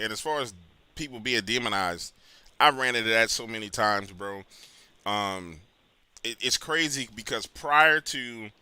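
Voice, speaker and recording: A man with a New Orleans accent hosting a call-in show, chatting casually, swinging from loud bursts to low mutters. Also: smooth, no room sound.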